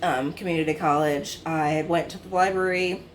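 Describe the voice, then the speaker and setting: A woman in her twenties, a book vlogger, talks through her recent reads in a chatty, rambling way, padding sentences with fillers and often correcting herself mid-thought. Her voice sits a little lower than most women's, steady and at normal speed, with a little hiss or hum.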